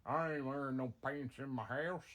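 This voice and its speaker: A man voicing his stubborn, grumpy middle-aged dad in a told family story, gruff and plain-spoken. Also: mid-range voice, fairly even intonation, moderate pace, a bit bright, close to an everyday voice.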